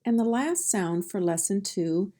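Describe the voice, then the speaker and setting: A woman with a Midwestern American accent teaching pronunciation, sounding out each phoneme and word carefully in a slow drill. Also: medium pitch, animated, warm tone. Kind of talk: slow instructional speech drill.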